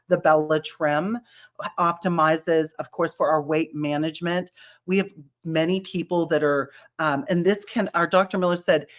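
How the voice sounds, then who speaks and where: A woman chatting casually about beauty products, animated, laughing often and restarting her sentences. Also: fairly low pitch. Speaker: brand representative.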